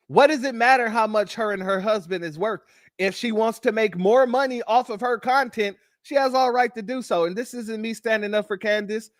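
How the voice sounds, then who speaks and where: Male commentary host, unhurried and chatty, higher register, dry close sound. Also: fairly bright tone, dry recording. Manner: laughing, chatty, addresses audience as family. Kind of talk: reaction commentary.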